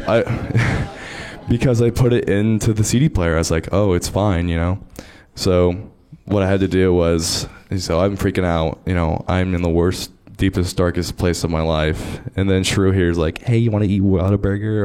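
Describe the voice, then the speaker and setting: A man with a very low voice tells a long, funny story on a panel. He is casual and self-mocking, and he laughs at his own bad luck as he talks. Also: steady tone, normal speed, few pauses, darkish tone, slight background noise. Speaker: DJ on a convention panel.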